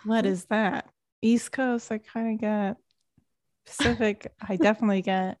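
A woman from the western United States co-hosting a podcast, playful and quick to laugh. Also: mid-range voice, fairly even intonation, darkish tone. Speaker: podcast co-host. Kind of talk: casual chat.

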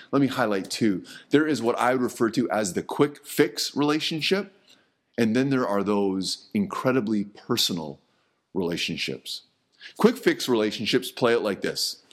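A middle-aged man preaching a sermon in a conversational way, often repeating words and dropping low and soft on key words. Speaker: pastor.

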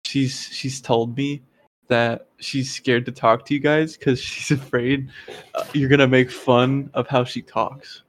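A man's voice: mid-range voice, flat delivery, unhurried, slight background noise. A young man co-hosting a podcast, talking about his travel plans in a laid-back way and dodging questions. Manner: laid-back, hedging answers. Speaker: podcast co-host. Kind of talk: casual chat among friends.

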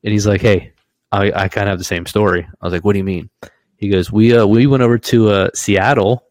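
A man in his thirties co-hosting a podcast, telling a story in an animated way, swearing freely and laughing as he goes. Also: fairly low pitch, fairly quick, no room sound. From Washington state, US. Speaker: podcast co-host. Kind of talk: casual storytelling chat.

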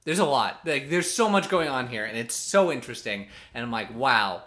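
Bright-toned, easygoing male podcast co-host. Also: medium pitch, very animated, brisk. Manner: easygoing recapper who chuckles often. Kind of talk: casual chat recapping a reality show.

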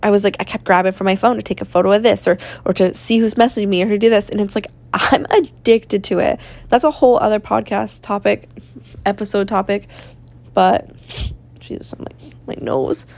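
A woman's voice: medium pitch, fairly even intonation, fairly quick, gravelly, darkish tone. A woman in her twenties from Maine, venting candidly in a blunt, profane, rambling personal vlog. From Maine, USA. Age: 20s. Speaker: vlogger. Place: rented room at home.

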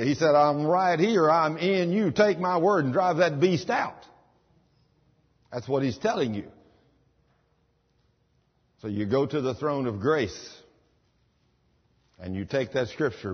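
A fairly high-voiced man preaching with emphatic, commanding force. His voice is a little husky. It rings through a church hall on a dull recording. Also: unhurried, long pauses. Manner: emphatic, rises to commanding bursts. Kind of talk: sermon. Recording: dull sound with long hall reverb.

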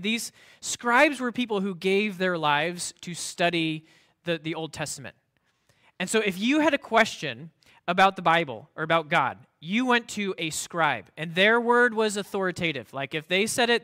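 Bright-voiced man preaching a sermon. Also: sits high. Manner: conversational, many fillers and restarts; mocking voice for the proud scribes. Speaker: pastor.

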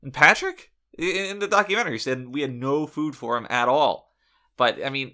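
Gravelly, bright-voiced man ranting. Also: mid-range voice, animated, moderate pace. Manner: mock-indignant, swears freely. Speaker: podcast co-host. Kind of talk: comedic in-character podcast chat.

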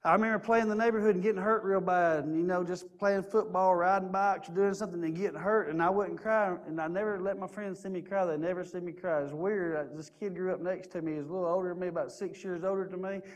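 A man's voice: sits high, fairly even intonation, fast, hardly any pauses. A middle-aged man preaching a sermon, earnest and personal, telling stories and repeating key phrases.

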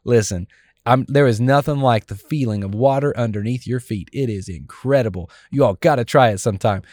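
A man's voice: medium pitch, brisk, darkish tone, no room sound, pitched below the performer's own voice, lightly acted. A preacher doing bragging cheerful disciple man. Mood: boastful. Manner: boasting, eager storyteller. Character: boastful cheerful apostle, adult man.

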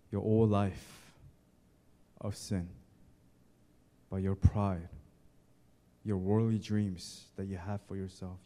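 A man's voice: lowish voice, warm tone. A male pastor preaching a sermon, addressing the congregation directly and driving points home by repeating key words and lists. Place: church sanctuary. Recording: long church hall reverb.

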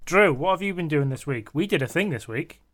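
A man's voice: a little high, animated, brisk, a bit bright. A man hosting a casual podcast, laughing and swearing through the banter. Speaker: podcast host. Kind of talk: casual chat.

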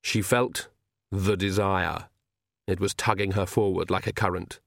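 A man narrating a comic fantasy audiobook in a measured storytelling manner. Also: deep voice, steady tone, vocal fry, no echo, studio quality. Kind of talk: scripted narration.

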